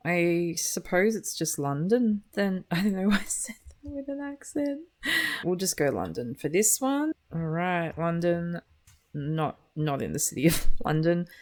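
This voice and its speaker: Woman, low creaky voice, sardonic gameplay commentary. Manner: dry, wry and sarcastic. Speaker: gaming video creator.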